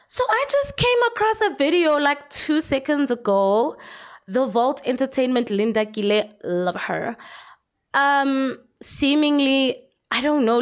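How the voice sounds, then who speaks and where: Chatty South African woman vlogger. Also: a little high. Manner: chatty, frank, lots of fillers and laughs. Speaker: YouTuber commentator. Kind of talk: casual commentary vlog.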